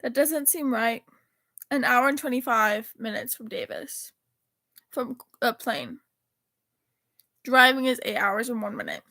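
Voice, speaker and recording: A woman's voice: a little high, sing-song, a little slow, pauses often, pushed and bright, no room sound. A teenage girl chatting casually, rambling and correcting herself as she reads old text messages aloud. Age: teens. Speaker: vlogger. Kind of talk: casual chat reading texts aloud.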